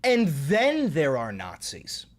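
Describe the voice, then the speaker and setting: A man's voice: on the high side, huge pitch swings, slow. A man hosting a livestream commentary, talking in an angry, emphatic and profane way. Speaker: host.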